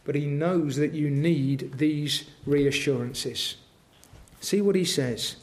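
A man delivers a sermon in a voice pitched notably high for a man. He speaks slowly and deliberately, in an earnest tone that swells into emphatic intensity as he presses his point. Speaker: preacher.

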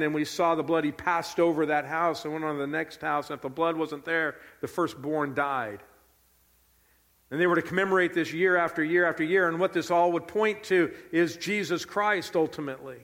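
A man preaches in an earnest, emphatic way, repeating his key lines for weight. His voice sits a little high for a man. A long reverb trails behind each phrase, as in a large hall. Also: fairly bright tone. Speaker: pastor. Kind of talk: sermon.

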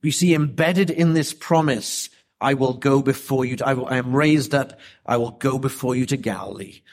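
A man preaching an expository sermon, emphatic and deliberate, with rhetorical questions. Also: mid-range voice.

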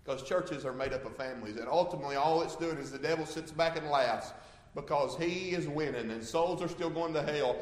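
A man preaching a sermon as pastor, impassioned and swinging from quiet stretches to loud ones. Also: a little high, fairly quick. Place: church sanctuary. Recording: echoey church hall.

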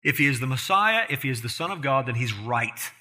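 A medium-pitched man preaches briskly and expressively, his tone sharp. The sermon is expository and earnest, emphatic throughout, rising in force on key points and peppered with rhetorical questions to the listeners.

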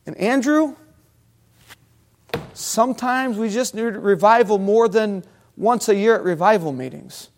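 High-voiced preaching man. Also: a little slow, long pauses. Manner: animated preaching, talks with the congregation. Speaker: pastor. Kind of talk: sermon.

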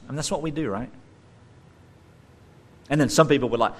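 A male preacher giving a sermon, animated and emphatic, with playful joking asides. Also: mid-range voice, moderate pace, pauses often.

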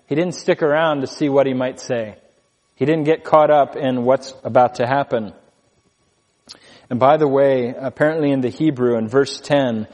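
Deliberate preacher with hall reverb. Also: male voice, medium pitch, darkish tone. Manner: slow, deliberate reading of scripture with emphatic pauses. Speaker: pastor. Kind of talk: expository sermon.

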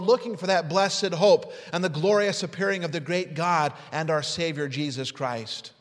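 A man preaching a sermon, telling stories and swinging from hushed words to shouting. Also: on the high side. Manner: storytelling with illustrations. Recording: long hall reverb.

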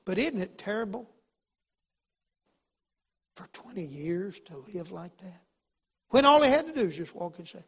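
A pastor telling a story in a sermon, folksy and emphatic, repeating phrases and swinging from loud to hushed. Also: male voice, high-pitched, expressive, unhurried, pauses often, breathy edge, big-room sound.

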